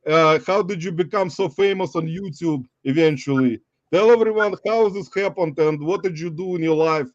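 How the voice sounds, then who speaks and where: A high-voiced man hosting a loose, jokey livestream, laughing between lines. His audio is dull and lo-fi, and the sound is dry and close, with no room around it. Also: a little mellow, dry recording. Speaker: livestream host. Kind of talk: casual livestream chat.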